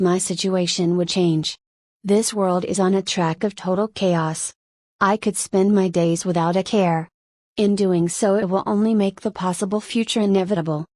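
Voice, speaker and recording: An audiobook narrator, a woman with a medium-pitched, steady voice, reads a web novel in first-person narration. The recording is dry and studio quality.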